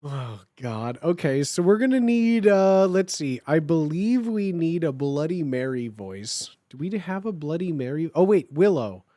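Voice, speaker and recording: On a live stream, a streamer reads fan fiction aloud, chatty and excitable, addressing the chat directly. The pitch is medium, the pace a little slow with few pauses, and the studio sound is clean with no echo.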